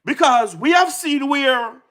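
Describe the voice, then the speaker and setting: A Jamaican man with a very high voice, doing casual livestream commentary. He talks in an excitable rush, repeating words and firing rhetorical questions at his viewers. He laughs often between points. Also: takes it slowly.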